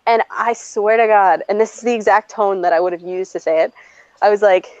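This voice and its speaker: A woman co-hosting a podcast, telling a story in a casual, animated way with plenty of swearing and acted-out quotes. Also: medium pitch, clean tone, dry recording, lo-fi sound. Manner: animated, profane, quick to act out quotes. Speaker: podcast co-host.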